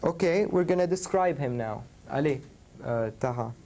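A man's voice: a little high, animated, normal speed, dark tone, a little hiss or hum. A man teaching a university French class, mixing English and French and checking in with his students.

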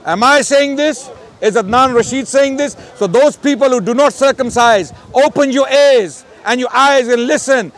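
Loud insistent man debating outdoors. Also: very high voice, normal speed. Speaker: street debater. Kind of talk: public street debate. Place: outdoors on a city street.

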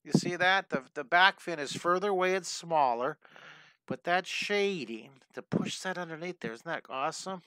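A man's voice: fairly high pitch, moderate pace, pushed and bright, clean tone, no echo. A middle-aged man teaching a live drawing lesson, enthusiastic and encouraging, with chatty stories between steps.

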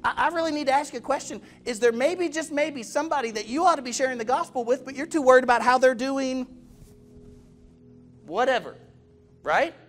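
High-voiced pastor preaching. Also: male voice, fairly quick, faint music behind. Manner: direct, asks the congregation questions; storytelling, acts out quoted voices. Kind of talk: sermon. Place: church.

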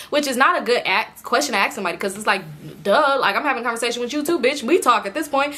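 A woman from the Los Angeles area tells a story in a high, bright, sharp voice. She talks casually and curses freely, laughing her way through it. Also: quick pace. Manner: profane, animated, often laughing while talking. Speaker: vlogger telling a story.

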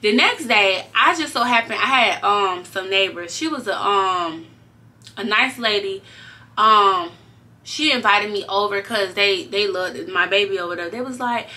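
A young woman telling a story to her viewers in a casual, animated way, swearing freely as she goes. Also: mid-range voice, measured pace. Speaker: vlogger.

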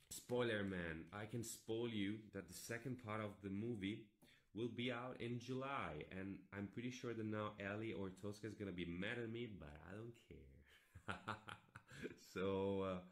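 A man's voice: fairly low pitch, unhurried, reverberant. A man from Italy with an Italian accent, talking earnestly and casually with fans on a phone livestream from his home, with many fillers and restarts. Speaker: actor. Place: indoors at home.

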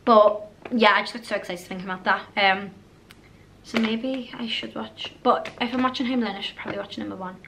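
A woman's voice: mid-range voice, fairly even intonation, a little fast, vocal fry, noisy background. A British woman vlogging a casual haul, chatty and rambling, often drifting off topic. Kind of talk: casual haul vlog chat.

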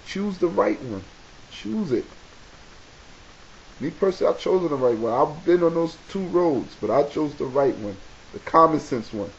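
New york guy vlogging advice, preachy and animated, repeats himself a lot, muffled lo-fi sound. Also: a little high, moderate pace, vocal fry. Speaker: video blogger. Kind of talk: casual advice monologue to camera. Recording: dull lo-fi webcam audio with faint hiss.

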